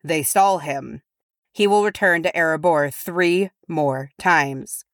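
A woman voicing a proud, stern male dwarf lord who speaks grimly and slowly. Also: sits low, dry recording, clean studio sound. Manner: grim, measured.

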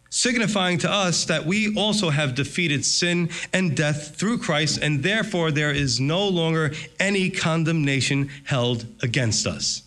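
A man preaching a sermon as pastor, animated, briefly acting out the voices of others in his story. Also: on the high side. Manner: animated, acts out voices of God and Satan.

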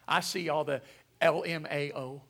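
A middle-aged man preaching a sermon as pastor, animated and calling out to the congregation for responses. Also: fairly high pitch, measured pace, creaky.

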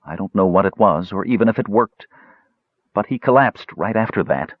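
A man voicing a gentle, grieving woman weaver who speaks softly through tears, his voice raised higher. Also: expressive, moderate pace, breathy edge, dry recording. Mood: sorrowful. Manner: soft, tearful pleading. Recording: slightly dull lo-fi audiobook recording.

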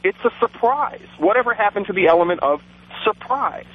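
An easygoing man co-hosts a radio talk show and trades jokes with the host. His voice sits a little high. The recording sounds dull and muffled. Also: lively intonation, brisk, slightly rough.

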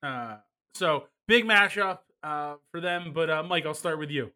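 A man hosting a casual sports betting chat, joking and moving the show along quickly. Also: fairly high pitch, sharp tone. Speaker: podcast host.

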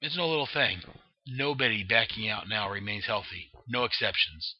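A man's voice: on the low side, moderate pace, slight background noise, natural voice. A man voicing a menacing male gangster who makes hard, clipped threats, on a dull lo-fi recording.

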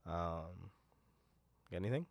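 A man with a fairly low voice chats loosely on a podcast. He rambles through a recap, laughs often, and breaks into goofy impressions. The sound is close and dry, with no room around it. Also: lively intonation, creaky, dry recording. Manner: laughing, rambling, doing quick silly character voices. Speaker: podcast co-host. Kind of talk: casual chat recapping a show.

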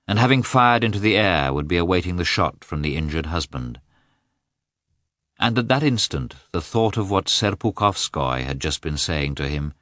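Deep-voiced man narrating an audiobook. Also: a bit bright, dry recording, clean studio sound. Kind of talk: audiobook narration of a classic novel.

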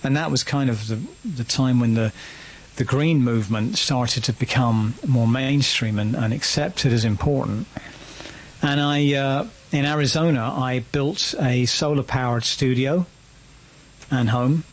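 A man in his fifties, speaking as a guest on a radio show. He talks in a reflective, storytelling way, at a middle pitch for a man and a relaxed, unhurried pace. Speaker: guest musician. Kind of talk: casual radio interview.

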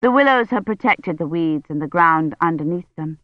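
A woman narrating an audiobook in a measured, even storytelling manner. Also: deep voice, no room sound, phone-quality sound. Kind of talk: scripted narration.

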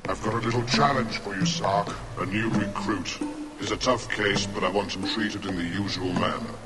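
An actor playing a stern older male boss who calmly orders a new recruit destroyed. He makes measured, cold threats. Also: fairly low pitch, close to an everyday voice. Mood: menacing. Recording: distant film clip under loud music.

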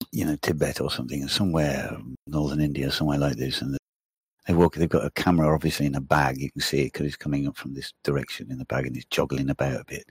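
A man with a low, slightly husky voice tells long, rambling stories in casual talk. He swears freely and gets animated as he goes. The sound is close and dry. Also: no echo. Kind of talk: casual chat.

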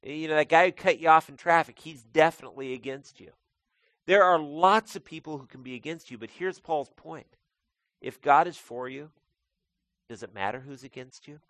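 A man's voice: fairly high pitch, normal speed, a bit bright, no room sound. A man preaching a sermon as pastor, talking conversationally and calling his listeners folks.

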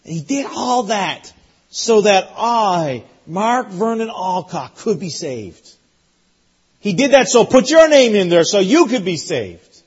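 A man preaching a sermon as pastor, emphatic and repetitive, rising to loud peaks. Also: high-pitched, sing-song, slow, breathy edge, highs cut off. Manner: emphatic, repeats phrases, rises to loud peaks.

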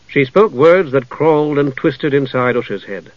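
Brief: male audiobook narrator, measured, mid-pitched, dull lo-fi dry recording. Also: no echo. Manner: measured storytelling. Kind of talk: scripted narration.

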